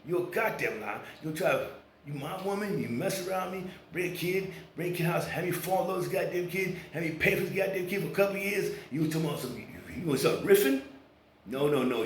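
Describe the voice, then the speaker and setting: A vlogger rants casually to his viewers, swearing a lot and acting out quoted voices as he tells a story. His voice sits high, and the poor recording is reverberant with slight background noise.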